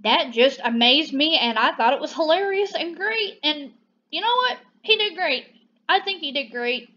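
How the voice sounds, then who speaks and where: Gushing high-voiced woman, lo-fi. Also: expressive, moderate pace, bright, forceful tone. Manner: gushing, chatty, playful. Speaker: movie reviewer. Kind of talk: casual video review.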